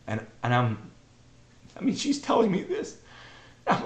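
A middle-aged man telling a heartfelt personal story on a podcast, earnest and emotional, often halting and repeating himself. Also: sits high, wildly swooping pitch. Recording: roomy echo.

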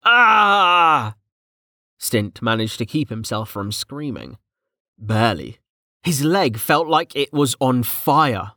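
A man narrating a story in a steady, even storytelling manner. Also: mid-range voice, takes it slowly, no room sound, studio quality. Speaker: audiobook narrator. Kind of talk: scripted narration.

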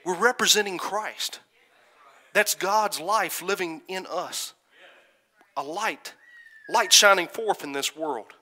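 A man preaching a sermon, moving from quiet storytelling to loud, fervent calls and asking the congregation for an "Amen". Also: high-pitched, takes it slowly, pauses often. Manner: builds from soft musing to shouted fervor, calls "Amen?".

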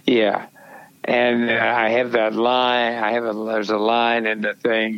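A man guest in a casual chat, soft-spoken and halting, often murmuring agreement. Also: mid-range voice, no room sound, lo-fi sound.

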